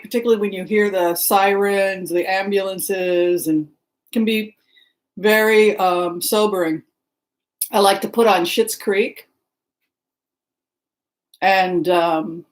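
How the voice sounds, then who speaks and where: A middle-aged woman from the Seattle area, Washington, speaks slowly with long pauses, at medium pitch and fairly even intonation. As a livestream host she chats casually, rambling and greeting live viewers by name. The recording is low quality.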